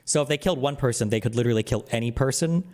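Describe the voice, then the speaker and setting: Sarcastic fast-talking male streamer. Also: mid-range voice, darkish tone. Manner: sarcastic, exasperated asides. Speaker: streamer reacting to a clip. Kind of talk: livestream reaction commentary.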